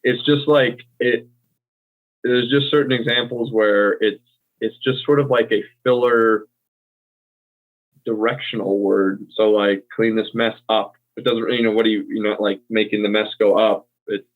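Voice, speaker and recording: American male co-host, lower voice, easygoing filler-heavy explainer, tinny phone-quality audio. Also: fairly even intonation, moderate pace. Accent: General American. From United States. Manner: laid-back, explains with many fillers and easy laughs. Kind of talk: casual conversational language chat.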